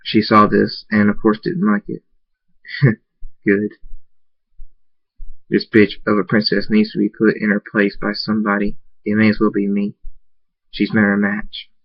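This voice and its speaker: Man, low voice, monotone, stumbling story reading, repeats words, dry dull lo-fi recording. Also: measured pace, pauses often, no echo. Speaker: fan fiction author reading his story. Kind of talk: first-person story reading.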